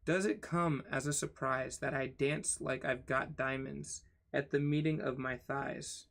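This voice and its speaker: A man reading a book aloud on his channel, haltingly, spelling out hard words and stopping to comment. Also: mid-range voice, fairly even intonation, vocal fry, fairly bright tone. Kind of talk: casual read-aloud with comments.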